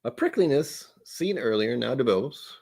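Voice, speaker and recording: A man doing a pompous, posh English butler-like voice, reading with plummy, measured theatrical delivery. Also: mid-range voice, sing-song, creaky, darkish tone, slightly rough, full character voice.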